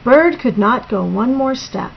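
A woman reads a children's picture book aloud to a young listener with plenty of expression. Her voice is fairly high and very lively, with a gravelly edge. The lo-fi recording sounds dull, with faint background noise. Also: measured pace. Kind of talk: read-aloud storytelling.

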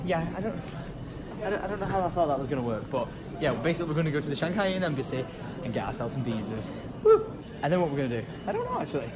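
A man's voice: fairly high pitch, sing-song, rapid-fire, a crowd in the background. A young man chatting casually and jokily to camera for his vlog. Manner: chatty and jokey, teasing. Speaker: vlogger. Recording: noisy street and travel background.

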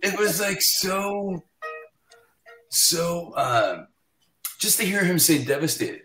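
A man telling lively stories as a guest on a video-call show, often laughing as he talks. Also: high-pitched, slow, faint music behind. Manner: animated, laughs through his stories. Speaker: guest guitarist. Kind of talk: casual storytelling chat. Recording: roomy echoey sound.

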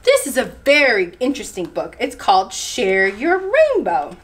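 A woman children's librarian hosting story time, reading aloud with animated expression. Her voice is high and swings widely in pitch. She paces the story for young listeners. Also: normal speed.

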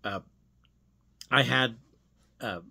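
A man's voice: medium pitch, drawn-out words, creaky, sharp tone. A man hosting a devotional podcast, speaking in an earnest, self-searching monologue with frequent hesitations.

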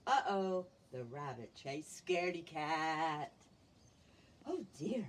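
Woman reading aloud, very animated pitch. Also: slow, a little hiss or hum. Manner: expressive, gentle storyteller asking children questions. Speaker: teacher. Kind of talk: reading a picture book aloud to young children.

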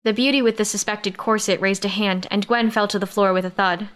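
A woman reads a first-person science-fiction romance audiobook in a steady, expressive narration. Her voice sits at an ordinary mid pitch and keeps an even storytelling flow. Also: brisk.

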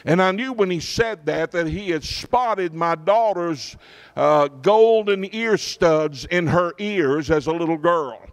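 Folksy preacher, fairly high voice. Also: male voice, slow. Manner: folksy preacher, checks in with the congregation often. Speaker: pastor. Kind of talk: sermon with personal storytelling.

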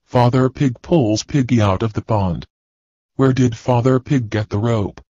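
A man teaching, reading a children's story and class activities aloud slowly and deliberately. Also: mid-range voice, warm tone, no room sound. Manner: slow, deliberate, clear reading. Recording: dull, dry lo-fi recording.

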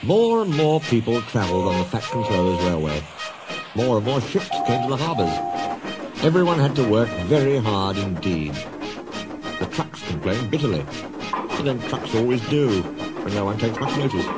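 A man narrating a children's storybook in an expressive way, over background music. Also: medium pitch, normal speed. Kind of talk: storybook reading.

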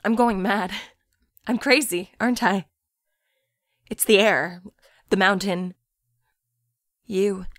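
A woman reading a story aloud, voicing a frightened, bewildered woman who speaks anxiously and more loudly. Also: medium pitch, slow, long pauses, dry recording, studio quality, lightly acted. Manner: louder, anxious, insistent.

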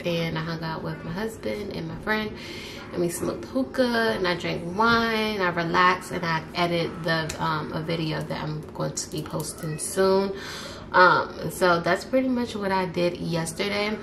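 A woman's voice: lowish voice, steady tone, unhurried, vocal fry. A woman vlogger chatting casually to the camera in a laid-back, chatty way, filming on a handheld camera. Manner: laid-back and chatty, talking straight to the viewers. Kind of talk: casual vlog chat to camera. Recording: noticeable background noise.

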